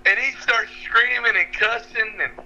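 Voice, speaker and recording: A man's voice: very high-pitched, moderate pace, pushed and bright, highs cut off, faint music behind. A man telling a rambling fishing story on a podcast, laughing at his own tale. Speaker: fishing guide and co-host. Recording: noisy podcast audio.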